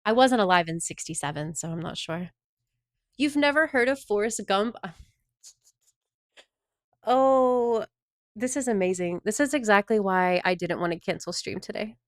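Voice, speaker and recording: A woman's voice: medium pitch, moderate pace, long pauses, no echo, studio quality. A woman in her thirties streaming live, chatting playfully with her viewers and swearing casually.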